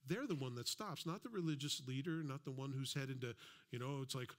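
A man's voice: mid-range voice, brisk. Conversational man preaching a sermon. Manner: conversational preaching with asides and acted-out quotes. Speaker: pastor. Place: church.

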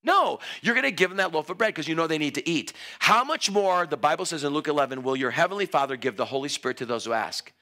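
A man preaching an energetic altar call in a church, excitable and playful, exclaiming and joking with the crowd. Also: on the high side, quick pace, hardly any pauses. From Greek heritage. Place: church sanctuary.

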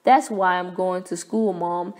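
A woman voicing an excitable, clumsy young boy frog in a read-aloud children's story, with high squeaky cries. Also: unhurried, lightly acted. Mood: eager.

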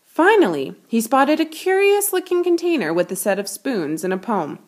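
A woman's voice: fairly high pitch, very animated, moderate pace. Patient woman teaching math from a storybook. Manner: clear patient explaining. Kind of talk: reading a picture book and explaining math.

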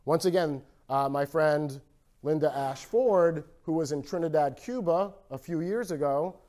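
A man's voice: on the high side, measured pace, mellow. A man giving a public history lecture with slides, talking conversationally with fillers and little asides to the audience. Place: lecture room at a history center.

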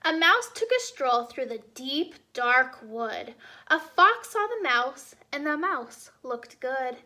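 Brief: young woman teacher, children's read-aloud, high and bright, cheerful quizzing. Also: sing-song, takes it slowly. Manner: cheerful question-and-answer teaching.

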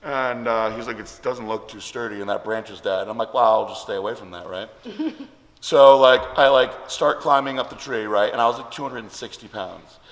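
A man's voice: medium pitch, moderate pace, fairly bright tone. A man hosting a vlog, telling a story casually and rambling with many fillers. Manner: rambling, lots of likes and ums. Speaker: vlog host. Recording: echoey room with long reverb.

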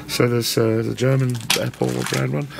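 A man's voice: mid-range voice, flat delivery, moderate pace, creaky, background noise. A man presenting a rambling, enthusiastic walk-around tour of a shop. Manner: enthusiastic, rambling, self-deprecating. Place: indoor shop.

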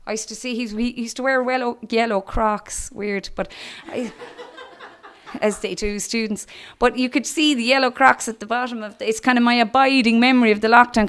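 A middle-aged Irish woman giving an earnest church testimony, speaking directly to young people. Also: mid-range voice. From Ireland.

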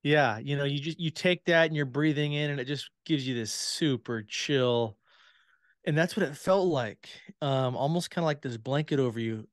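A man talking as a podcast guest, relaxed and rambling, with plenty of "you know" and "um". His voice sits at an ordinary pitch and sounds dry and close, with no room around it. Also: normal speed, no echo. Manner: relaxed storytelling with many fillers. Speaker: podcast guest, tour guide. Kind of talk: casual chat.

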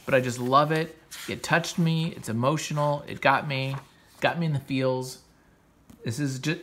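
A man's voice: on the high side, a bit bright. A man hosting a comics show, casually retelling a comic book story in a rambling, enthusiastic way with frequent restarts.

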